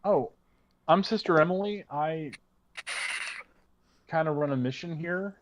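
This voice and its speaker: A man's voice: a little high, a little slow, lo-fi sound, a little hiss or hum, voice pushed up, close to an everyday voice. A man playing a kindly mission woman. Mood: concerned. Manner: concerned, hesitant.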